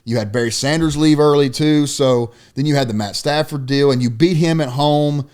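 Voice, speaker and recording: Profane, animated young man chatting sports. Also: fairly high pitch, moderate pace, smooth. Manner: profane, animated storytelling, often says "dude". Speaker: podcast co-host. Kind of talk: casual sports chat.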